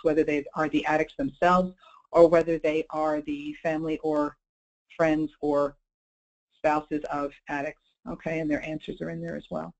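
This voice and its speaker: A woman's voice: deep voice, darkish tone, rough recording. A woman giving a webinar talk as a clinical presenter, speaking conversationally and often checking in with her listeners. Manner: conversational, checks in with listeners with "okay?" and "you know".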